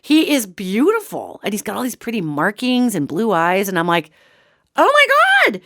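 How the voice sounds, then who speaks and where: A woman's voice: medium pitch, moderate pace, no room sound, studio quality. A woman radio host telling a casual, chatty personal story and talking straight to her listeners. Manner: animated and chatty, addresses listeners as gang.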